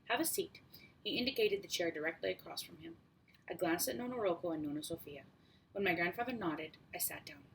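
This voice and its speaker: Audiobook narrator: woman, lowish voice, steady and measured, faint hiss. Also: creaky, rough recording. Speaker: audiobook reader. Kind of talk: first-person audiobook narration.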